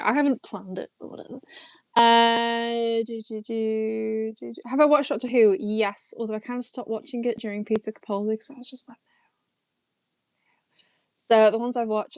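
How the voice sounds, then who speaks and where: A woman's voice: fairly high pitch, no echo. A young English woman from Lancashire, chatting casually as she answers viewer questions, rambling and laughing often. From Lancashire, England. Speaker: YouTube host answering chat. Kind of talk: casual live chat Q&A.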